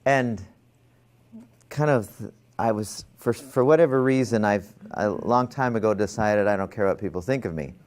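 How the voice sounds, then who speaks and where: A man's voice: fairly low pitch, moderate pace, darkish tone. A man teaching a class on stress, talking casually and telling a story with many restarts and fillers. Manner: rambling, self-interrupting storyteller. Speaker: stress management instructor.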